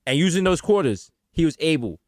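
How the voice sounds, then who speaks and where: A middle-aged man, talking in a slightly high voice that swings up and down as he deadpans wild made-up stories. he co-hosts a casual comedy podcast from home, and the sound is close and dry. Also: brisk, no room sound. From the Bronx, New York. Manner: deadpan, spins absurd tall tales. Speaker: podcast co-host.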